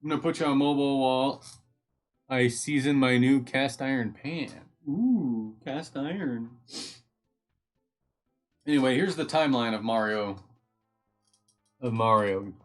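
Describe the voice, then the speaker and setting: A man's voice: mid-range voice, unhurried, pauses often, soft background music. Chatty, easily sidetracked streamer guy. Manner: chatty, easily sidetracked, thinks aloud while reading. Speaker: live stream host. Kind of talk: casual live-stream chat.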